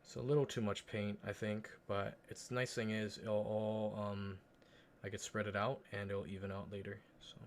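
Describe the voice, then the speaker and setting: A man streaming live and chatting casually with his viewers while he paints a miniature, swearing often and muttering quietly as he concentrates. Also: lowish voice, moderate pace, slight background noise. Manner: relaxed, swears often, talks to chat while working.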